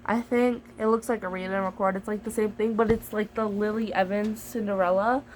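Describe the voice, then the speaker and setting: A woman's voice: mid-range voice, steady tone, brisk, darkish tone, slight background noise, low-quality recording. Chatty, jokey woman vlogger. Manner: chatty, jokey, playfully dramatic. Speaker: vlogger reviewing a storybook device. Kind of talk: casual chat to camera.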